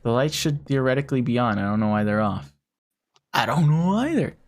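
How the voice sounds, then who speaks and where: A game streamer giving casual live commentary, talking a puzzle through out loud and swearing often in frustration. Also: mid-range voice, lively intonation, a little fast.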